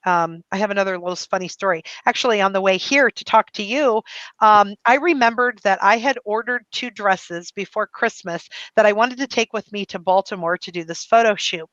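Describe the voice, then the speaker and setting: A woman being interviewed as a guest tells funny stories in an animated way, laughing often and acting out the people in them. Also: medium pitch, brisk, dry recording, dull audio. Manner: animated, laughs often, acts out quoted voices. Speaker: guest, publicist. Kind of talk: casual storytelling interview.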